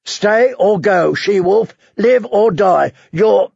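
A brutal, scarred warrior barks and growls, gruff and scornful, as a male narrator puts him on. The voice is raised and gravelly with a husky edge. It sounds dull and dry, like a lo-fi close recording. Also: high voice, animated, slow, no echo, voice pushed up, heavily acted. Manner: growling, shouting orders.

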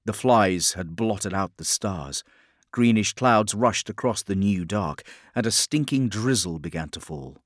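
A male narrator reads a story in steady, measured tones, with a grim, even delivery. His voice sits a touch low for a man. The recording is close and dry, with no room sound. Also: no room sound. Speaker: audiobook narrator. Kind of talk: scripted narration.

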